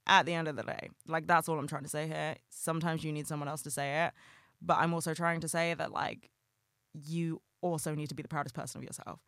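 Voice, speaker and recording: A young adult host talking casually and heartfelt on a solo podcast, rambling with lots of "like" and swearing, bursting into excitement. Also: medium pitch, fairly quick, no echo, studio quality.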